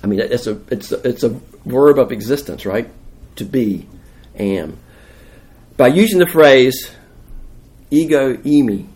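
A man's voice: medium pitch, a little mellow. A man preaching a sermon in a conversational, emphatic way, asking the listeners questions. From United States.

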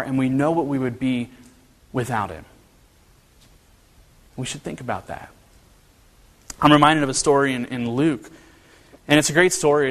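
A man preaching a sermon in a church, earnest and animated, often restarting his phrases. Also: medium pitch, in a large hall. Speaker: pastor.

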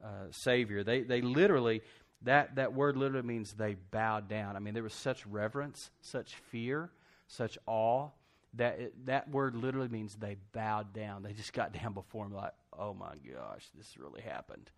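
A man's voice: fairly low pitch, moderate pace. A man preaching a sermon, telling the story conversationally and in a folksy way, acting out quotes and laughing often. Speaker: pastor.

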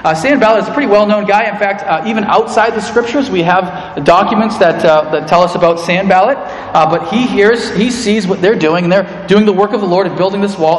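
A man's voice: high-pitched, brisk, hardly any pauses, a little hiss or hum. A man preaching a sermon as pastor, earnest, speaking to the congregation as friends. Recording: echoey hall with long reverb.

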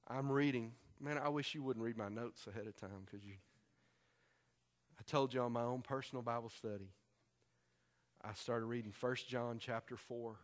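A man's voice: mid-range voice, steady tone, moderate pace, pauses often. A man preaching a sermon as a pastor, conversational and emphatic, repeating key lines for weight.

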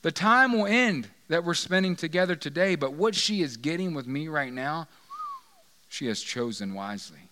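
A man plays a calm, wise teacher who patiently explains what really matters. He sounds gentle and sure, in a slightly higher voice, within a sermon. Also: moderate pace.

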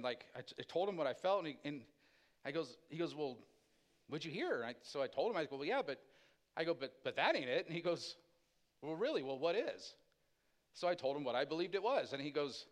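Male pastor, middle-aged, slightly high-pitched, loose conversational sermon delivery with acted-out dialogue. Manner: casual, animated storyteller acting out quoted voices. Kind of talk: sermon testimony storytelling.

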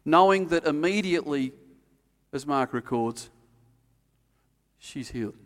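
A man preaching a sermon, telling a story and acting out the quotes, then dropping to quiet, earnest emphasis. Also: a little high, expressive, a little slow, big-room sound. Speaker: pastor.

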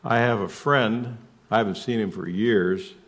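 A man preaching a sermon as pastor, emphatic, asking rhetorical questions and shifting suddenly between loud and soft. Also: lowish voice, a little slow.

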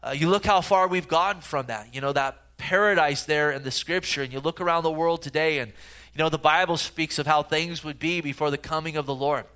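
A man's voice: fairly high pitch, brisk, bright, forceful tone, smooth. A middle-aged man giving a sermon as a pastor, in a conversational, storytelling way with frequent fillers.

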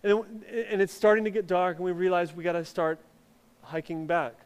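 A man's voice: high-pitched, steady tone, moderate pace, clean tone, long reverb tail. A man preaching a sermon, telling a personal story in a conversational way with many fillers and restarts. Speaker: pastor.

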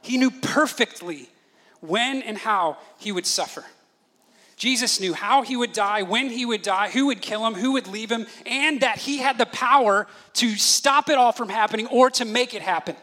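A man in his thirties preaches with a high, ringing voice. His sermon is animated and full of storytelling, and he briefly acts out other people's voices as he goes. He sounds bright and forward. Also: normal speed. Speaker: pastor.

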